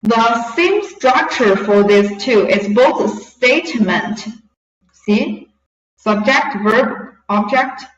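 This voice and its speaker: Slow, patient woman teacher. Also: a little high, lively intonation. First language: Mandarin Chinese. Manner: slow, patient explaining, switching between English and Mandarin. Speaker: Chinese teacher. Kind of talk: language lesson explanation. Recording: echoey, distant, dull lo-fi room recording.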